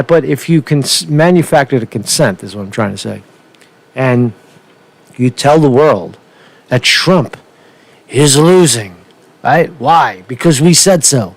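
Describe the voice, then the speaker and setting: A man's voice: medium pitch, gravelly, no room sound. A man giving a casual, rambling opinion rant as a political vlogger, swearing often and restarting his sentences. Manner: rambling, profane, with many restarts.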